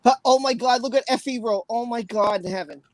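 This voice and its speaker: A woman's voice: fairly high pitch, no echo. A woman hosting a casual livestream, reading aloud, exclaiming often and breaking into laughter. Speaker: livestream host.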